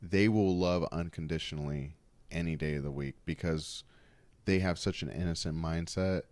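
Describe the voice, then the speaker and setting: A man with a very low voice chats casually on a podcast. He tells long, animated, rambling stories. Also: normal speed, no echo. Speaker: podcast co-host.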